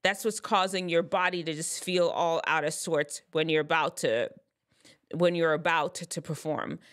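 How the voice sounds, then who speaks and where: A woman with a somewhat low voice talks straight to her viewers in a relaxed vlog. Her delivery is chatty and loose, full of restarts as she works through the science terms. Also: moderate pace. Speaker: advice vlogger. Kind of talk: casual explanatory talk.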